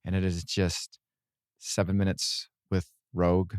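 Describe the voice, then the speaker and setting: A man with a fairly low voice in casual podcast chat, telling stories and adding chuckling asides. The recording is close and dry. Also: flat delivery, measured pace, smooth, dry recording. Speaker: podcast co-host.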